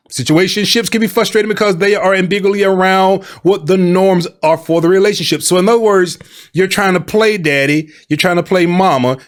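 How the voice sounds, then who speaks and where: A man giving dating advice in a lively, colloquial, preaching style, acting out little quoted exchanges and calling listeners baby and boo. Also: high-pitched. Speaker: life and love coach.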